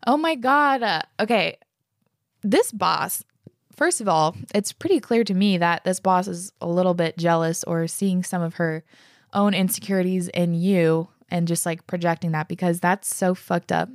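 A woman's voice: lowish voice, moderate pace, dry recording, clean studio sound. A young woman hosting a podcast, reading listener emails aloud and reacting with effusive praise and casual swearing.

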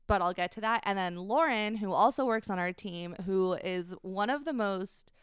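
Very clear-voiced young woman telling a story. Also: medium pitch, dry recording, studio quality. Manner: halting, many fillers, laughs while recounting. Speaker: podcast guest, company founder. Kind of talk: emotional personal story on a podcast.

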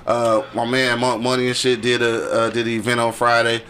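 A man's voice: medium pitch, monotone, a little fast, a bit bright, slight background noise. Profane laughing podcast host, a man. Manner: loose, profane, laughing banter. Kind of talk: casual chat.

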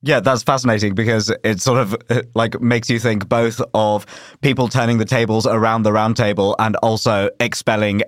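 A man's voice: fairly low pitch, fairly even intonation, normal speed, no room sound, studio quality. A man hosting a podcast, chatting casually with lots of hedges and fillers. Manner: hedging, loose with filler words. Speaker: podcast host.

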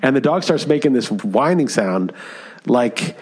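Guy cohosting a podcast, rambly animated storytelling, lots of likes and ums. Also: mid-range voice, unhurried, husky. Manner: animated storytelling with many fillers. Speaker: podcast co-host. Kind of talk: casual chat.

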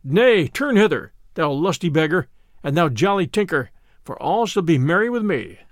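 A man voicing a huge, good-humoured young yeoman who is slow to anger and speaks in a hearty, gruff way. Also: high voice, big pitch swings, no echo, clean studio sound.

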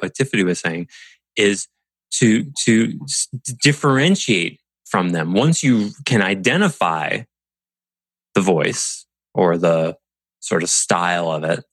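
A man's voice: deep voice, no echo. A man leading a group call as a coach, talking reflectively and acting out inner voices with shifts of tone. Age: adult parent. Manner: expressive, mimics inner voices with changes of tone.

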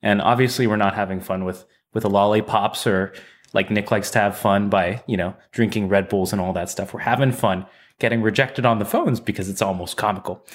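A podcast host with a lowish male voice. He asks questions in a casual, rambling way, joking between them. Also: steady tone, a little fast. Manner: chatty, loose rambling questions.

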